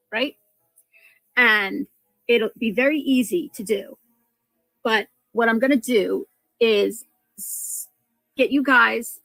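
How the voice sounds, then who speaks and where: Woman streamer, slightly high voice, dry, faint music under, rambling. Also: creaky, dry recording, poor audio. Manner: rambling, halting, restarts often. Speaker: livestreamer in played clip. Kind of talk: livestream talk to viewers.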